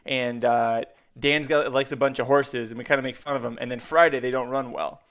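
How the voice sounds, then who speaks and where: A man's voice: medium pitch, steady tone, brisk, a bit bright. A man co-hosting a podcast, recalling a favorite trip in an easygoing, rambling way. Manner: easygoing, rambling recollection with fillers. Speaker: podcast co-host. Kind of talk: casual chat recounting a memory.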